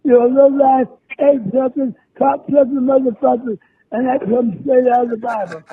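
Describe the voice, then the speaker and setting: A man's voice: very high voice, fairly even intonation, normal speed. Threatening man on a tinny phone line. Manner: threatening, cursing. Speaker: voice in a played message. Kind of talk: angry profane rant.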